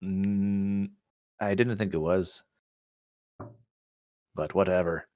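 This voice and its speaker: Low-voiced man saying "aye" in a put-on accent. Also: fairly even intonation, slow, darkish tone, dry recording, highs cut off. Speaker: player. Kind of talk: tabletop game chat, in character at times.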